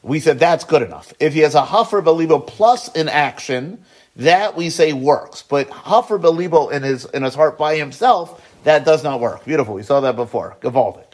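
A man teaching a Talmud lesson, slowly chanting Aramaic phrases and then explaining them quickly in English, checking in with "right?" and "okay?". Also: fairly high pitch, lively intonation. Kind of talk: Talmud study lecture.

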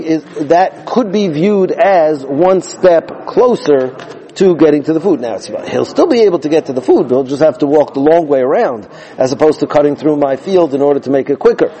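A man's voice: on the high side, dark tone. A man teaching a Talmud lesson, explaining the Gemara step by step with many restarts and Hebrew and Aramaic terms.

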